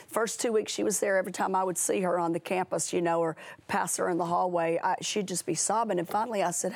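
Gravelly low-voiced woman, earnest storyteller. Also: steady tone, fast. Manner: earnest storytelling with frequent restarts. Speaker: talk show guest, ministry leader. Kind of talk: TV talk show conversation.

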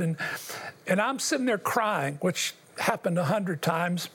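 An older man shares his life story in an earnest, emotional way, speaking straight to the host. His voice sits high for a man and has a rough, husky grain. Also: animated, measured pace, fairly bright tone. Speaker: interview guest. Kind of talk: personal testimony.

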